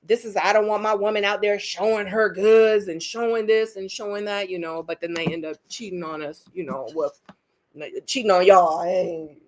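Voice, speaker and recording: A young woman co-hosts a casual live-stream recap, speaking with emphatic, animated delivery. She often repeats words for stress. Her voice sits at an ordinary middle pitch. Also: normal speed. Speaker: co-host recapping a dating show.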